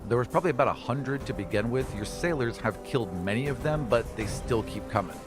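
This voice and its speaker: Game master man over loud music. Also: medium pitch, expressive, fast talker. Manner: vivid, gory scene-setting with casual fillers. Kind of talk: narrating a tabletop game.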